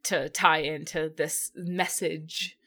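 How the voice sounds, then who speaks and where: A woman's voice: sits low, steady tone, slow pace, bright, forceful tone. A woman co-hosting a casual podcast who laughs often, gushes and stumbles over her words. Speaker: podcast co-host. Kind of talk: casual chat, episode recap.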